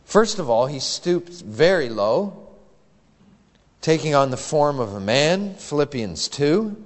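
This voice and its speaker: A man's voice: a little high, big-room sound. A male pastor preaching an earnest, emphatic sermon that is full of rhetorical questions.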